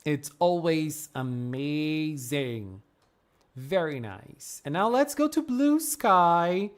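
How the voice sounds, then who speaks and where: A woman's voice: sits low, animated, slow. A woman streamer chatting casually on a live stream, gushing effusively with frequent exclamations, laughs and gasps. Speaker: streamer reviewing fan art.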